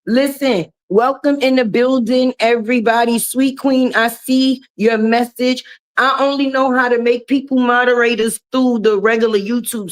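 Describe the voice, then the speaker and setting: A hoarse-voiced woman hosting a casual live stream from a garage, chatting and greeting viewers by name and calling them baby. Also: fairly high pitch.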